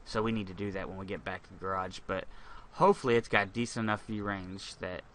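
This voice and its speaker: Talking fast with fairly even intonation, a man running a gaming channel rambles through gameplay commentary, voicing his thoughts and tossing in the odd curse. His voice sits low and sounds a bit bright.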